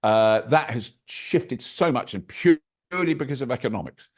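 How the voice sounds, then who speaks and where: An older man, a podcast guest chatting over a video call, animated and anecdotal with wry asides. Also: mid-range voice, normal speed. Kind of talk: casual interview chat.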